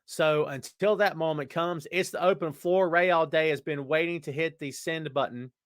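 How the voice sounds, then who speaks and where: A man hosting a live wrestling podcast, chatting casually and reading out viewer comments in an animated way. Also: on the high side, moderate pace, no room sound, studio quality. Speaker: podcast host. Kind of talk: live-chat wrestling talk.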